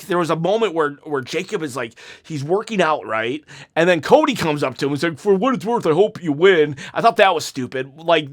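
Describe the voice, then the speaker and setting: A man hosting his own channel, reviewing a show in a rambling, excitable way and laughing often. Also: high voice. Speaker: wrestling commentary channel host. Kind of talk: casual solo show review.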